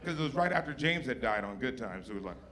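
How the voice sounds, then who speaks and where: A man's voice: medium pitch, expressive, quick pace. A man doing a stand-up set in a comedy club, swearing freely and fighting back tears as he talks about his mother. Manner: profane, emotional, close to tears. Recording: live club with audience noise.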